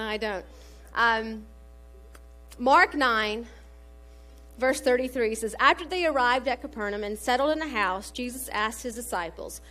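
A middle-aged woman preaching a sermon, mixing scripture readings with family stories and frequent "um" fillers. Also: fairly high pitch. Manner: warm storytelling with scripture quotes, many fillers.

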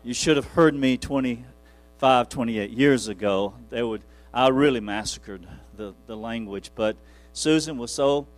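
A man's voice: mid-range voice, unhurried, hardly any pauses, soft background music. A man preaching as a pastor, telling rambling, self-deprecating stories from the pulpit with frequent chuckles. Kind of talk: folksy storytelling from the pulpit.

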